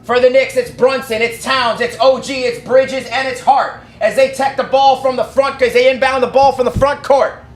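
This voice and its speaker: A man calling live basketball play-by-play from his own setup, rattling off quick calls and shouting at the big plays. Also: very high voice, level tone, echoey room. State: out of breath. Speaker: fan play-by-play commentator.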